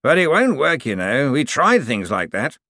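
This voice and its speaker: A man's voice: medium pitch, very animated, normal speed, pushed and bright, no echo, studio quality, pitched above the performer's own voice, full character voice. A man voicing a stubborn, exasperated male professor in an audiobook, scornful and insistent.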